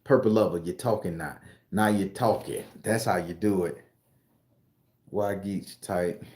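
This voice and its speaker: A middle-aged man from South Carolina, casually telling stories and answering viewer comments on a livestream in a loud, profane, laughing way. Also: sits low, a little slow. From South Carolina, USA. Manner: animated, profane, laughing storyteller. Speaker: YouTube tarot reader and storyteller. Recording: roomy echo.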